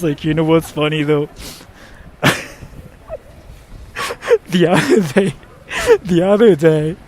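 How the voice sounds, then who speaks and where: A man raised in Japan, telling stories to his viewers in a casual chat, excitable, laughing and swearing often. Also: fairly high pitch.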